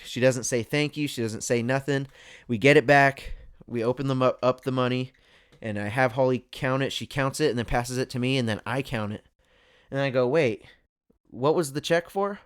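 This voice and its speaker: A young man hosting a podcast, telling a story in a casual, animated way and laughing often. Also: mid-range voice, clean tone. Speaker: podcast host. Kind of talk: casual chat.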